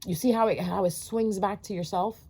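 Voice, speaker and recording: A woman who reads tarot addresses her viewers in an offhand monologue, moralizing bluntly, swearing without restraint, and tossing out rhetorical questions between fillers. She speaks a bit fast in a medium pitch, with a dark, breathy tone and fairly even intonation.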